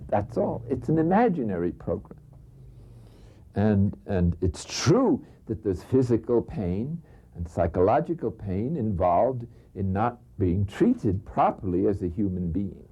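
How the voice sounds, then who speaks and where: An older man, a priest, giving a spiritual talk full of anecdotes, telling them with gusto, chuckling and sometimes dropping to a hush. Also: fairly low pitch, measured pace, breathy edge. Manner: lively storytelling, chuckles, drops to a hush for emphasis. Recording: dull lo-fi recording.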